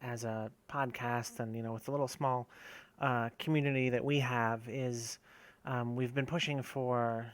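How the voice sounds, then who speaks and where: A man hosts a podcast and asks his questions casually, rambling through many fillers before he gets to the point. His voice sits at an everyday middle pitch. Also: steady tone, a little slow. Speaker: podcast host.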